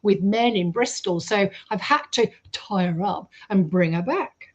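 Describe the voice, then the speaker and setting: A British woman quoting a rough, rude middle-aged woman driver while telling a story. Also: mid-range voice, a little slow, a little mellow, lo-fi sound, natural voice.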